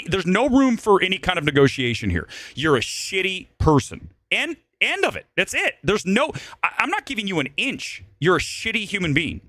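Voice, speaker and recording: Hosting a live movie talk stream, this man has a high, somewhat bright voice recorded with no room sound. His rant is blunt and emphatic, and he keeps circling back to repeat the same points.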